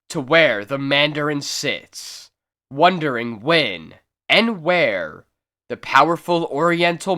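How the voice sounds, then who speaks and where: A man reading a comic book aloud as narrator, with slow, theatrical delivery. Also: a little high, pushed and bright.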